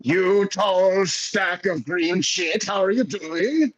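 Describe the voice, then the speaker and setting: A crude, swaggering old adventurer , as a man puts him on, barks out folksy insults in a gruff, raised voice. He is jovial and quick to pick a fight. The scene belongs to a tabletop role-play session. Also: on the high side, a bit bright, lo-fi sound, pitched above the performer's own voice.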